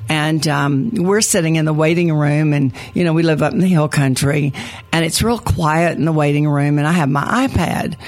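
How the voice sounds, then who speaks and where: An older woman, an educator, chatting and telling a story with animated quoted lines. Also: sits low, moderate pace. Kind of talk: conversational storytelling.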